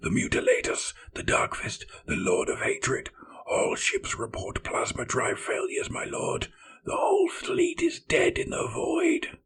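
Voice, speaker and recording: A man's voice: extremely high pitch, huge pitch swings, unhurried, fairly bright tone, pitched above the performer's own voice, full character voice. Man crying out as a panicked ship servant. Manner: frantic whispered cries.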